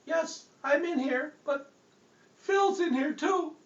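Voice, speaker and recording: A man's voice: extremely high pitch, slow, distant mic, voice pushed up, heavily acted. A man voicing a tiny, thin, eerie chorus of possessing donut spirits, in an echoey room with dull, lo-fi sound. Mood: meek.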